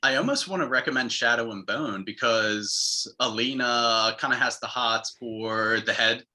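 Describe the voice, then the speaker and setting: A man co-hosting a casual TV recap podcast, animated and emphatic. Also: mid-range voice, a little slow. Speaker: podcast co-host. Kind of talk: casual chat.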